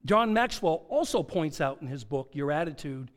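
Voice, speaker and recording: This fairly high-pitched, animated man delivers a sermon through a personal anecdote. Key phrases come back slowly for emphasis as he moves between hushed and loud passages.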